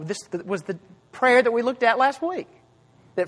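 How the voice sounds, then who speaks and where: A man preaching a sermon with earnest emphasis, swinging between loud cries and hushed low phrases. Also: big pitch swings, measured pace, big-room sound. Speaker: pastor.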